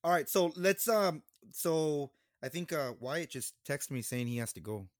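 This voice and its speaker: A young man hosting a casual podcast chat, excitable and laughing, often repeating his words. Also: a little high, unhurried, dry recording, studio quality. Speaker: podcast host.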